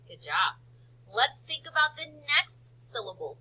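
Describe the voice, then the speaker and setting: A woman teacher leading a slow phonics lesson for young children, stretching out words for them to repeat and praising them often. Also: high-pitched, big pitch swings, sharp tone, breathy edge, dull audio. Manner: slow, drawn-out word modelling and encouraging praise.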